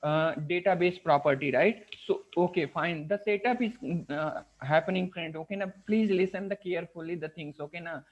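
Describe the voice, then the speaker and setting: In this dull lo-fi screen recording, a man with an Indian English accent teaches live coding, his voice sitting high and his pace moderate. As the programming instructor works through each step, he keeps asking his class "what is that?" and "right?"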